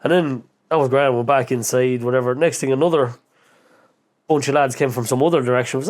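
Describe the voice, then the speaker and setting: Animated Irish man telling a pub story. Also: on the high side, fast talker. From Irish midlands. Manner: animated, acts out quoted voices, swears freely. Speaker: podcast guest. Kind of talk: casual storytelling interview.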